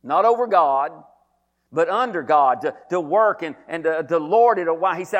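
A man's voice: on the high side, lively intonation, moderate pace, fairly bright tone, dull audio. A man, a pastor preaching a sermon, reading scripture aloud and calling out to his congregation.

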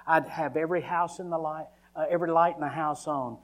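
A man's voice: a little high, steady tone, fairly quick. Man preaching a dramatic testimony. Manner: dramatic storytelling, acting out his own cries. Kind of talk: testimony sermon.

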